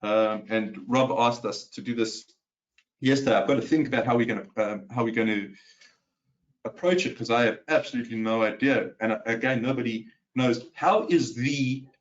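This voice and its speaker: A man's voice: medium pitch, normal speed, highs cut off. A man hosting live market commentary from his home office, talking casually with many fillers and restarts and putting questions to his viewers. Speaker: market analyst host.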